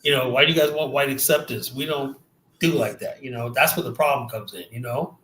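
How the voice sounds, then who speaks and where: A man's voice: medium pitch, fairly quick, fairly bright tone, echoey room, slight background noise, low-quality recording. A man from the United States hosting a heated casual debate, talking emphatically in a streetwise way and cutting in to press his points. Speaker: host.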